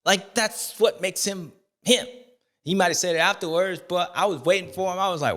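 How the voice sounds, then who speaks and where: Animated bright-voiced male host. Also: on the high side, normal speed. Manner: animated, slangy, with dramatic outbursts. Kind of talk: casual commentary.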